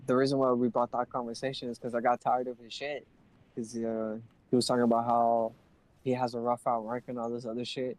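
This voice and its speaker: A man's voice: mid-range voice, flat delivery, fairly quick, darkish tone, rough recording. Young man ranting a story, heavy swearing. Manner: heated, profane retelling of an argument, acting out both sides. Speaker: livestreamer. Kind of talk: casual storytelling on a live stream.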